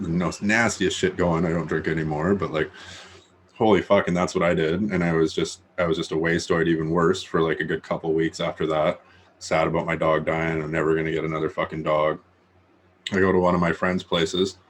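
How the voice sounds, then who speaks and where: A man in his thirties talks casually on a podcast, swearing in nearly every sentence and circling back with fillers. His voice sits very low and stays flat, with a faint hiss of noise behind it. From Canada. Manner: swears constantly, rambling with many fillers. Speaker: podcast co-host.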